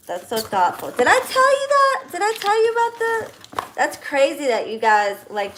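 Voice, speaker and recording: Slow-talking effusive woman. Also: mid-range voice, a bit bright, a little hiss or hum. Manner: effusive, grateful, gushing. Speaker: vlogger opening birthday gifts. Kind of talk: casual chat to viewers.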